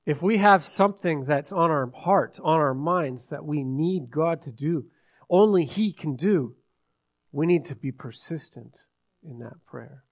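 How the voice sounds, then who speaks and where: A man with a high voice preaches to his congregation. He keeps asking rhetorical questions, drops to a hush, then rises to loud emphasis. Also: animated, measured pace. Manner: dramatic swings from hushed to loud, rhetorical questions. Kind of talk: sermon.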